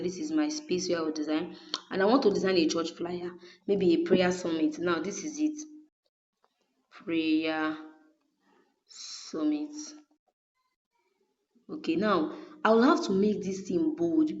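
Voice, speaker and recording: A woman's voice: on the low side, darkish tone. A woman teaching graphic design in a patient, step-by-step way, often checking in with her viewers. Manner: patient, repeatedly checks in with "okay?". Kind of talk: screen-recorded design tutorial. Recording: dull lo-fi recording.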